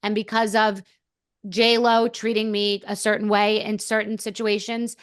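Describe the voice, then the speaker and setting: A woman's voice: medium pitch, level tone, normal speed, clean tone, dry recording, studio quality. A woman guest on a podcast, telling a candid story in a blunt, profane, rambling way.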